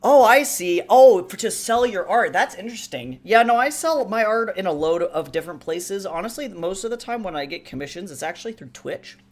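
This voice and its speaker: A streamer and artist chatting casually on a live stream while drawing, rambling with many fillers and asides, reading chat aloud and jumping to higher, louder bursts when joking. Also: lively intonation, fairly quick, hardly any pauses.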